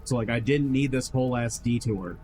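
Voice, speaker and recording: Over soft background music and a rough recording, a man streams while spinning a long, rambling, profane story packed with fillers, voicing the other people in it. He talks briskly in a medium-pitched, slightly mellow voice.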